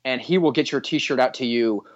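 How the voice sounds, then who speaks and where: A man's voice: medium pitch, moderate pace, dry recording, dull audio. A man co-hosting a health podcast, chatting casually with jokey, self-deprecating humor. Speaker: podcast co-host. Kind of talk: casual comedic chat.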